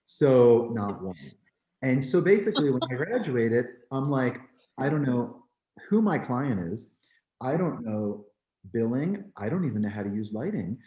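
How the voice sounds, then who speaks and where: Animated storytelling man, roomy sound. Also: mid-range voice, measured pace, highs cut off. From New Jersey, US. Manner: animated and candid, with frequent "like" and "you know". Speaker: photographer. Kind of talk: storytelling in a conversation. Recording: roomy echo.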